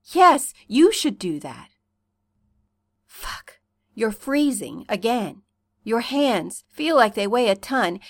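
A woman reading a second-person fan fiction story in an intimate, unhurried way. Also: fairly high pitch, no room sound, studio quality. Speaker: reader.

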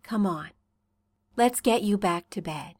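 A woman voicing a gentle, caring young man in a storybook reading, speaking softly and soothingly. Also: medium pitch, slow pace, breathy edge, dry recording. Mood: tender. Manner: soft, soothing.

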